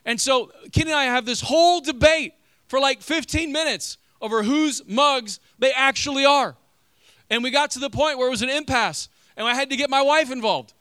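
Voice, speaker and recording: A young male pastor giving a casual, animated sermon full of "you know" and "like", growing loud in stories and going quiet and slow in prayer. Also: very high voice, clean tone, dry recording, studio quality. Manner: animated storytelling, rising loud when acting out arguments; drops soft and slow in prayer.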